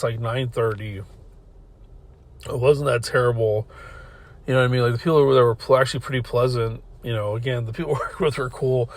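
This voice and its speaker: A man hosting a podcast from his car, telling a story in a loose, rambling way. He swears a lot, laughs often and keeps restarting his sentences. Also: mid-range voice. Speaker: podcast host. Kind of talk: casual storytelling.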